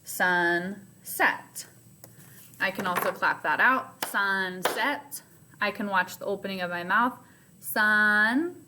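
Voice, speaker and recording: A woman's voice: medium pitch, brisk, few pauses, noisy background. A woman teacher recording a remote phonics lesson for her students, explaining step by step in a patient way.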